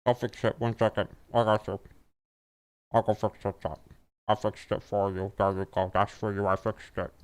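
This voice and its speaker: A male streamer chatting loudly, rambling and swearing while fixing something live. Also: on the low side, level tone, moderate pace, slight background noise.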